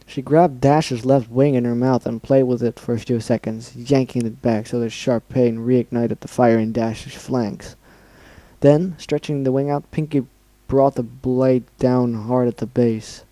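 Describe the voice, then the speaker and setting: A man's voice: medium pitch, steady tone, unhurried, mellow, no echo, low-quality recording. A young man reading fan fiction aloud as an amateur dramatic reading, often stumbling over words and correcting himself.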